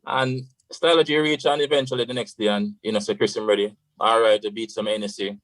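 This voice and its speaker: A man's voice: on the low side, steady tone, fairly quick, a bit bright, dry recording, poor audio. A Jamaican man, a radio guest, tells a long story in a loose, casual way, slipping into patois and saying "you know" often. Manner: rambling, full of "you know" and patois phrases.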